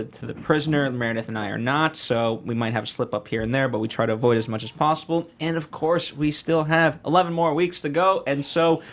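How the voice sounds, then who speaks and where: A man hosting a casual podcast chat with brisk, upbeat patter. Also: medium pitch. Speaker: show host.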